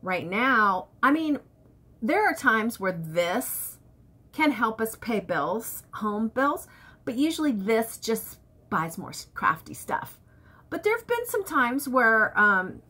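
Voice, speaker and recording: A woman's voice: medium pitch, sharp tone. A woman vlogger chatting candidly to camera, telling stories from home life. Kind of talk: casual chat to camera.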